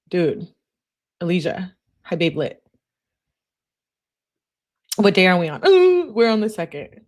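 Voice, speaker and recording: A woman's voice: lowish voice, animated, normal speed, long pauses. A woman giving casual, sarcastic reaction commentary while reading text messages aloud, with blunt, slangy asides. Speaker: true-crime commentator.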